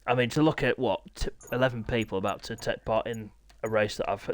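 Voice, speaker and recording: A young man hosting a sim racing league stream in casual, chatty, self-deprecating livestream talk, often clearing his throat. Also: medium pitch, steady tone, brisk, few pauses, no echo.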